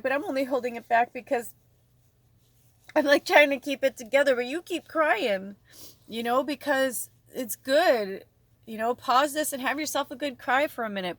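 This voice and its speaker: A woman's voice: sits high, no room sound. A woman giving an emotional spiritual card reading, speaking straight to her viewers with a gushing manner. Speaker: tarot reader.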